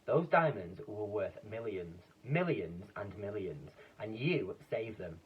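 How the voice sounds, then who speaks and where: A man voicing a grand, excitable old duke in a children's story, pompous and booming. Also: a little fast, muffled recording, a little hiss or hum.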